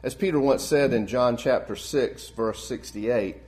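A man preaching a sermon, earnest and warm in delivery, building to emphatic peaks and then dropping soft and low. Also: measured pace.

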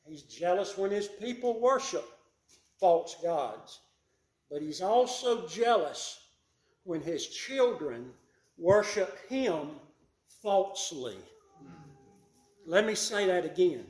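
A man preaching a sermon, emphatic and repeating his key phrases, rising louder on his main points. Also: high voice, very animated, slow pace, long pauses, echoey room.

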